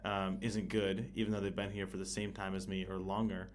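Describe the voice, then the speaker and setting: A man with a somewhat low voice chats on a podcast. He circles his points, breaks off mid-phrase and fills the gaps with "uh" and "you know", laughing easily at himself. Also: little pitch movement, brisk. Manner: hesitant, many restarts and fillers, laughs easily. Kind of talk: casual conversation. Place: living in Italy.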